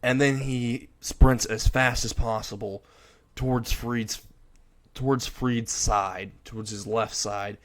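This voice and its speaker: Man, casual fan-story narration, rambling, middle-pitched voice. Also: fairly even intonation, takes it slowly.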